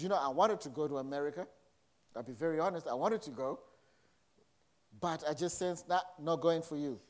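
Male pastor, slightly high voice, chatty sermon delivery with acted-out quotes. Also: darkish tone. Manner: conversational preaching with acted quotes.

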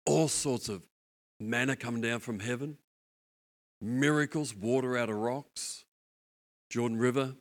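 A man preaching a sermon, telling a story with lively asides and acted-out voices. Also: medium pitch, a little slow, long pauses. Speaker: pastor.

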